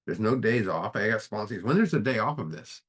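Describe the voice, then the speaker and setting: A man's voice: on the low side, lively intonation, fairly quick. A man speaking earnestly and plainly while leading a recovery book study. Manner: earnest, plain-spoken, emphatic. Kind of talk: recovery meeting talk.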